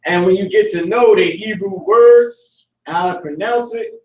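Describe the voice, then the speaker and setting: A man teaching a live online language class, talking casually with slang and repeating words slowly to drill pronunciation. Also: high voice, a little mellow. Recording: echoey room, far from the mic.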